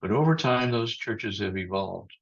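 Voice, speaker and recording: A man preaches a sermon in a measured, thoughtful way, pausing and restarting as he goes. His voice is husky and sits a little low. The sound is muffled, as over a video call. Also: animated. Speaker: pastor.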